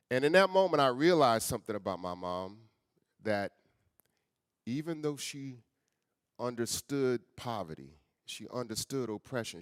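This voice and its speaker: An earnest middle-aged man tells a personal story to a gathering in an easy, conversational way, calling the listeners y'all. His voice sits at a middling pitch and often softens to near quiet. The sound is dry and close, with no room echo. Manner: often drops soft and quiet for emotional moments. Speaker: guest speaker and author.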